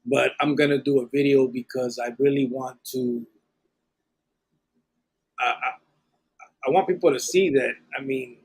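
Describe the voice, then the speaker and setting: A man from Arizona hosts a live podcast, reading viewer comments in casual chat. His medium-pitched voice is a little mellow and husky, and he's plainspoken and slangy, mixing in Spanish words.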